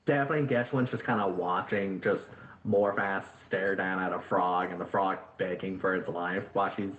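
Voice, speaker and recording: A man's voice: sits low, fairly even intonation, moderate pace. A man narrating as dungeon master, rambling with lots of fillers. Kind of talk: narrating a tabletop game. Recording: echoey, tinny voice-chat line.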